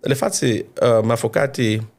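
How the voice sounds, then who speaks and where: A man talks through events in an animated, informal way, peppering his story with slang. His voice sits at an ordinary middle pitch for a man. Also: moderate pace. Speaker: interviewee, former crime intelligence source. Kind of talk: casual spoken storytelling.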